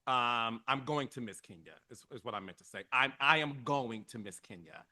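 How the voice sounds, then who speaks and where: A middle-aged man hosting a podcast, giving casual, emotional commentary with dramatic pitch swings. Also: moderate pace, pushed and bright. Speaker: podcast host.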